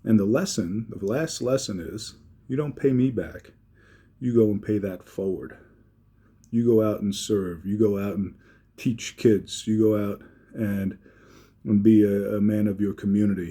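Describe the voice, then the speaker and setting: A man voicing a gruff dying man in his sixties, a blunt, plain-spoken fatherly mentor. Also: lowish voice, steady tone, normal speed, warm tone. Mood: earnest.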